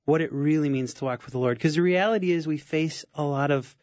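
A man's voice: fairly high pitch, brisk, a little mellow, no room sound, lo-fi sound. A man speaking as a guest on a radio talk show, hesitant, with many fillers and restarts.

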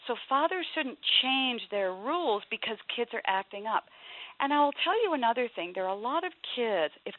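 A woman's voice: fairly high pitch, animated, moderate pace, dry recording. A woman in her fifties, an author giving earnest, emphatic parenting advice as an interview guest. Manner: emphatic, earnest advice, drops to a soft voice for quoted pleas. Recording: tinny phone line.

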